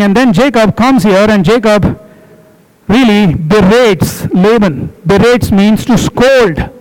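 Male preacher, high voice, emphatic and repetitive, sermon delivery. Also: poor audio. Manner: emphatic, repetitive exhortation, explains words.

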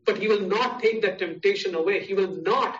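A man with an Indian English accent delivers a sermon and drives each point home with repeated, parallel phrases. His voice sits fairly high. The recording sounds muffled and echoes around a room. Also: brisk. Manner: repetitive, emphatic preaching with listed parallel phrases. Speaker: preacher. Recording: echoey, distant, dull sound.

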